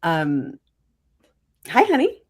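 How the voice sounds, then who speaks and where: A woman with a low-pitched voice hosts a panel discussion over a video call. She talks in an affirming, encouraging way and fills her pauses with frequent "um"s. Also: wildly swooping pitch, breathy edge. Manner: warm and affirming, many fillers. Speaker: panel host.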